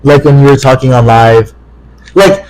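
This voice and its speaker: A man's voice: medium pitch, normal speed, a little mellow, low-quality recording. A young man co-hosting a podcast, telling a story in casual chat and acting out the quotes with lots of swearing. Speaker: podcast co-host.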